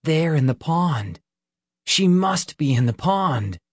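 A man's voice: on the high side, big pitch swings, slow pace, slightly rough, dry recording, clean studio sound, voice pushed up, heavily acted. A man voicing a fierce, protective young warrior who speaks in a raised, strained voice in a story reading. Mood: anxious. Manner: tense and urgent, raised and strained.

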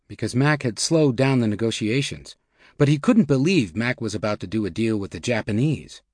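A man narrating a nonfiction audiobook in an even, measured reading style. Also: medium pitch, no room sound, clean studio sound. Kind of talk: scripted narration.

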